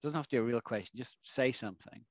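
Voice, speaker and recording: A man's voice: medium pitch, quick pace, dry recording, lo-fi sound. A man teaching English phrases to a small online class, explaining and asking the class questions. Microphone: video call.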